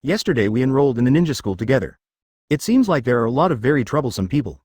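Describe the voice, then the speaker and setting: A man reading a translated anime fan fiction aloud in a flat, literal way. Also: mid-range voice, quick pace, husky, no echo, clean studio sound. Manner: flat, literal delivery that reads symbols aloud. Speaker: narrator.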